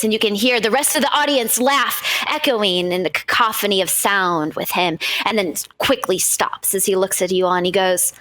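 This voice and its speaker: A woman's voice: medium pitch, fairly bright tone. A woman narrating a tabletop game as game master in a casual, fluid manner.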